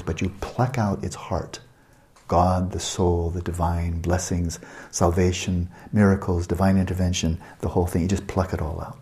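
Brief: male meditation teacher, lecture delivery, low mellow voice, rhetorical and emphatic. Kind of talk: spoken dharma lecture.

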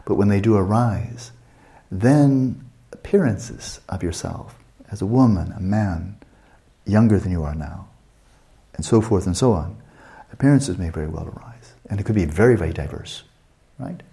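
Mellow low-voiced male meditation teacher. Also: animated, gravelly. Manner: unhurried, questioning, checks in often.

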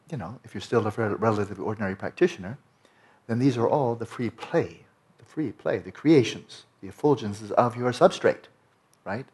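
A man teaching meditation in a relaxed dharma talk, conversational and rambling, with frequent restarts. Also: on the low side. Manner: conversational, rambling with many restarts and "you know".

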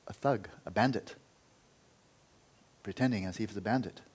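A man's voice: fairly low pitch, normal speed, darkish tone, husky, rough recording. A man, a meditation teacher, telling a story vividly and dramatically during a spiritual talk.

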